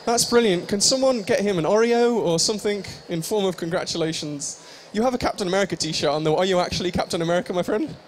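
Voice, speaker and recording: A man's voice: high voice, fast talker, hardly any pauses, slight background noise. A young man hosting a live stage show, joking and teasing the audience in improvised comic banter. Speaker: stage host at a live fan convention.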